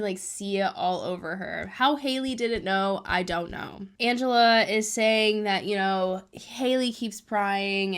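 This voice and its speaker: A woman talks through a reality show episode in a loose, chatty recap. She keeps adding fillers as she retells each moment. Her voice sits at an ordinary middle pitch. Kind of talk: casual recap monologue.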